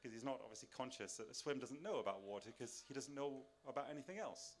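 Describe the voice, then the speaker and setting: A man's voice: mid-range voice, animated, quick pace. A man giving a public lecture to an audience in a large tent, talking in a conversational way with restarts and rhetorical questions, and moving around as he speaks. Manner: moves around while speaking. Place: large tent at a summer camp. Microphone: filmed by a camera.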